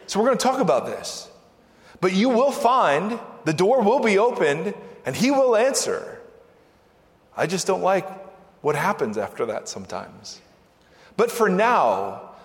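A man preaching a sermon as pastor, animated, acting out the voices in the scripture he reads. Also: sits high. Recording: long hall reverb.

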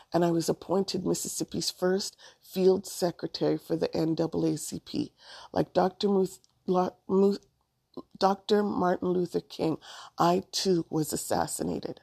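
A calm, dignified man who explains in a measured, earnest tone, as a woman reading a story puts him on. The voice is low and dark, with a strong gravelly rasp. It sounds dry and close to the mic. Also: no echo, exaggerated voice.

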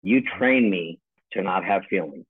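Calling from home on a tinny phone-like line, a man in his forties who retired as an army first sergeant chats casually, ranting bluntly with lots of swearing. He speaks low and unhurried, with lively intonation, a breathy edge, and no room sound.

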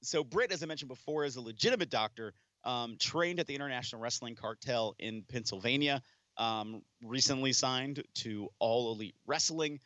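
A man co-hosting a casual wrestling podcast, teasing his partner with quick asides and lots of fillers. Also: medium pitch, sharp tone, no echo. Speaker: podcast co-host.

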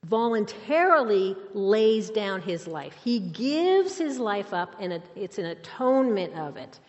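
A woman teaching a Bible lesson, emphatic and quick to put questions to her listeners. The recording is dull and muffled. A long hall reverb trails behind her voice. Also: medium pitch, big pitch swings.

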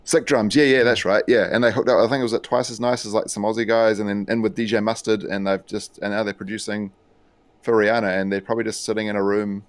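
A man's voice: lowish voice, fast talker, dry recording. A New Zealand man, a music producer and DJ, chatting casually as a podcast guest, rambling with lots of fillers. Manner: relaxed, rambling with many fillers.

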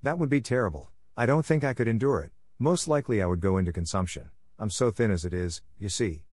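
A man's voice: on the low side, animated, fast talker, a little mellow, no room sound, studio quality. A man voicing an anxious, talkative orphan girl who loves grand words, in a storybook reading. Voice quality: earnest, fond of long words.

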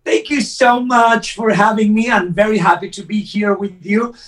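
Guy, high voice, earnest and methodical, sounds kinda far from the mic. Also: fairly even intonation, normal speed, fairly bright tone. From Italy. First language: Italian. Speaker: actor guest. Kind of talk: casual interview chat.

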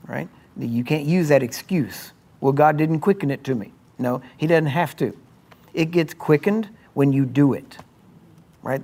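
A man's voice: medium pitch, vocal fry, darkish tone. A man pastor preaching a sermon emphatically, often checking in with his listeners. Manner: emphatic, checks in with frequent questions.

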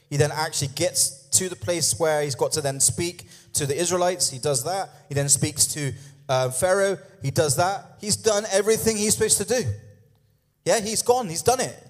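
A male preacher delivers a sermon in a relaxed, joking manner. He keeps checking in with his listeners. His fairly high voice carries the long reverb of a big hall. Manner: conversational, humorous asides, frequent "yeah?" and "okay?" check-ins.

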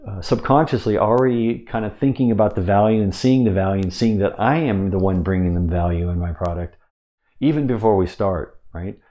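Low, mellow-voiced man explaining sales. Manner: conversational, with frequent restarts and rhetorical "right?". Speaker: sales coach. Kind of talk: casual teaching monologue.

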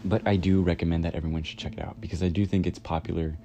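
A man's voice: low voice, level tone, fast talker, mellow, slight background noise. A man in his twenties casually reviewing a film in a rambling way, with many "like" fillers. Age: 20s. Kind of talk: casual chat. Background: music.

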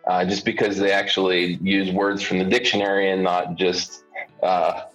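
An American man chatting casually, thinking aloud with many pauses and fillers. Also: low voice, monotone, fairly bright tone, highs cut off, faint music behind. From United States. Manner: thoughtful, hesitant with many fillers. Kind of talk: casual conversation.

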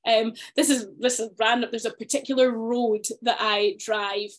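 A woman in her thirties co-hosting a podcast, thinking out loud in a relaxed, chatty way. Her voice sits a little on the high side. She often restarts her sentences and fills gaps with little ums and likes. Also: moderate pace. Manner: reflective, chatty with frequent fillers and restarts. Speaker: podcast co-host. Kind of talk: casual chat.

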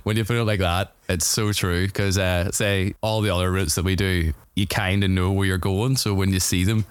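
A man's voice: sits low, steady tone, normal speed, clean tone, dry recording. A man as a podcast guest, chatting in an easygoing way and laughing along. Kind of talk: casual chat.

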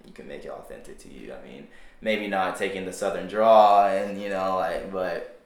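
A man's voice: low-pitched, normal speed, a little mellow. A young man chatting casually as a podcast guest, rambling with many fillers and restarts. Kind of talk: casual chat. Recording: roomy echo.

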